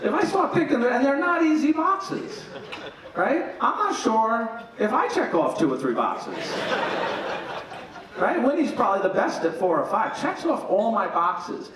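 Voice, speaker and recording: A man's voice: very high voice, unhurried, crowd noise. A middle-aged man giving a father-of-the-groom wedding speech, telling funny stories and acting out the voices of the people in them. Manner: humorous, animated, acts out quoted voices. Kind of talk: storytelling wedding toast. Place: wedding reception hall. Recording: very echoey hall, distant mic, faint noise.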